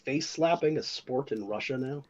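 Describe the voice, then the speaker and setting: A man's voice: medium pitch, normal speed, darkish tone, highs cut off. A man on a casual comedic podcast who earnestly explains things at length.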